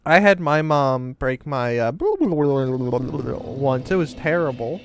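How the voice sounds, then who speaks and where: A man's voice: medium pitch, very animated, takes it slowly, a little hiss or hum. A man streaming a game, chatting casually with his viewers in a joking, rambling, teasing way. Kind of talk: casual gameplay commentary.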